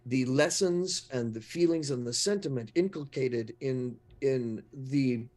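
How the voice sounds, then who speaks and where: A man's voice: medium pitch, a little slow, darkish tone. A man on a discussion panel, rambling and searching for words as he thinks aloud. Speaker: panel guest.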